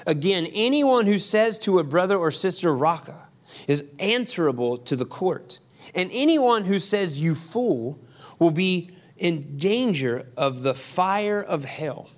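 A man preaching a sermon as pastor, conversational with quick asides and emphatic repetition. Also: high-pitched, animated.

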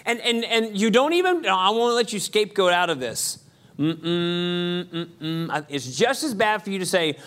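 A man preaching a sermon as pastor, conversational with quick asides and emphatic repetition. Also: high voice, expressive, fairly bright tone.

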